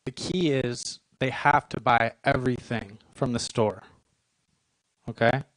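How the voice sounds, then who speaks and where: A man in his twenties performing a stand-up comedy set on a club stage, with a deadpan, self-deprecating delivery and short punchlines. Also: medium pitch, normal speed, no echo, low-quality recording. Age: 20s.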